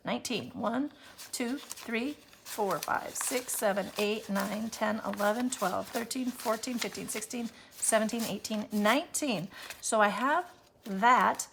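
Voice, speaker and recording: A woman counts bills out loud for her budgeting vlog, her voice slipping into gravelly fry as she goes. She murmurs numbers softly and adds self-deprecating comments, over a faint hiss of background noise. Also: medium pitch. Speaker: budgeting vlogger. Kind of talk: casual cash-stuffing vlog.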